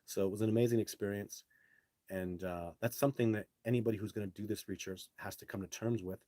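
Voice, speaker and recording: A man's voice: on the low side, fairly even intonation, fast talker, mellow, no echo. A man hosting a casual live stream, reading viewer comments and telling blunt, brash stories. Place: home setup, speaking to a phone.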